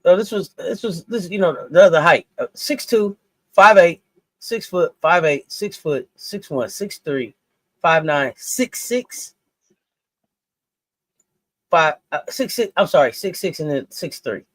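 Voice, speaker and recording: A man's voice: fairly high pitch, animated, measured pace, no room sound. A man hosting a basketball talk show in loose, joking banter full of slang. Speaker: podcast host. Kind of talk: casual sports talk.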